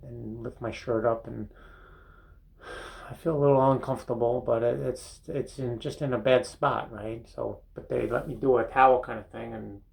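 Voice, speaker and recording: An older man hosting a comedy monologue, telling a rambling, halting anecdote from a bathroom, full of restarts and chuckles. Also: mid-range voice, fairly even intonation, creaky, poor audio. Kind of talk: seated storytelling monologue. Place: bathroom, seated on a toilet.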